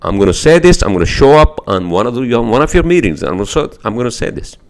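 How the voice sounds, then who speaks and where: A man hosting a podcast alone, delivering an angry, profane rant full of filler words and loud rising jabs of "all right?", at home by his desktop computer. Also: medium pitch, big pitch swings, quick pace. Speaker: podcast host. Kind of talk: casual solo podcast rant.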